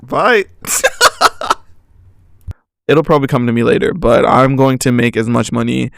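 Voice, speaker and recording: A young man with a gravelly, fry-heavy voice rambles through his solo podcast, scattering "like" through every sentence. His delivery is loose and slangy, and he often laughs at himself. The sound is close and dry, with no room echo. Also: medium pitch, fairly even intonation, fast. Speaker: podcast host.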